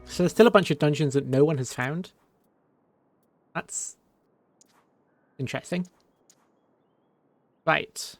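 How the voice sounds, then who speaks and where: A man's voice: fairly high pitch, slow, long pauses, dry recording, soft background music. A male streamer chatting casually while playing a video game, laughing often. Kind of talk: game commentary.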